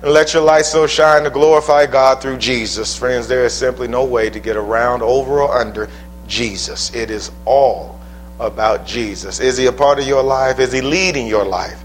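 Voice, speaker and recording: A man preaching a sermon in a church, with emphatic call-and-response, swinging from loud exclamations to soft pleas. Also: medium pitch, steady tone, normal speed, slight background noise, poor audio. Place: church building.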